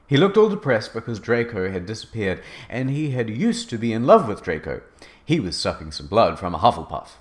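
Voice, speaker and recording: A man narrating a fanfic as a comedic dramatic reading, in a mock-earnest deadpan. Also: on the low side, fairly quick.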